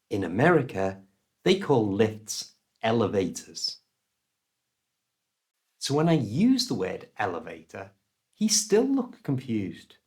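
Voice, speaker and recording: Slow, lively British man teaching. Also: lowish voice. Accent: British English. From United Kingdom. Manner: slow, deliberate delivery with lively ups and downs. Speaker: English teacher. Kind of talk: storytelling lesson to camera.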